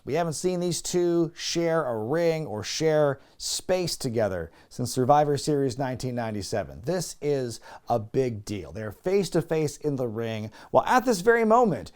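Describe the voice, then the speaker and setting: Guy casually recapping stuff on a podcast, gets animated, normal mid voice. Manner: animated, acts out quotes with rising pitch. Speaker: podcast host.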